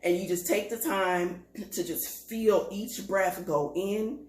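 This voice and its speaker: A woman co-hosting a casual talk, calmly explaining a breathing practice step by step. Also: mid-range voice, slow, echoey room, poor audio. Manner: calm, instructive, steady. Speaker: co-host. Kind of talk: casual chat on mindfulness.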